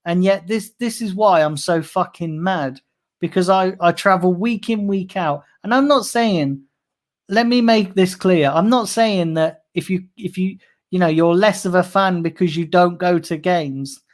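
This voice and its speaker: In an unhurried, high-pitched voice, a fan channel host reads chat messages on his livestream. He's angry and swears heavily, his rant looping repetitively.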